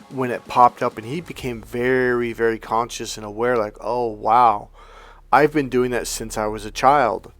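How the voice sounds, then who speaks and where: Male life coach, animated storyteller, average pitch, soft music bed underneath. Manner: animated storyteller, acts out both sides of dialogue. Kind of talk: coaching monologue with anecdote.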